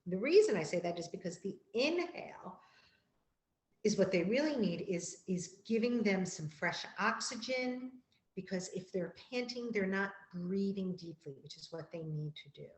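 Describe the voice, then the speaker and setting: A woman school counselor giving a calm, gentle, explanatory presentation to parents, repeating key phrases. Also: mid-range voice, normal speed, echoey room, a little hiss or hum, poor audio.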